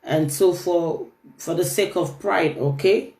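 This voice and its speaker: A woman's voice: lowish voice, slow, darkish tone. A woman hosting a live-stream talk, speaking earnestly to her viewers and often repeating her points. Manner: earnest, repeats phrases, addresses viewers directly. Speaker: host. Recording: echoey room.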